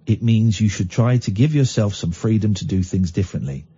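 A man's voice: fairly low pitch, brisk, dark tone, husky. A man hosting a casual radio chat show, teasing and sarcastic, telling stories with lots of animation. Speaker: radio host. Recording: dull lo-fi radio sound.

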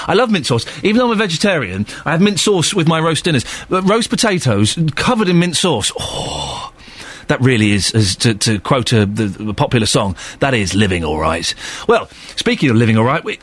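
A man presenting breakfast radio in a studio, joking, teasing and laughing often. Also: medium pitch. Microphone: studio microphone with headphones.

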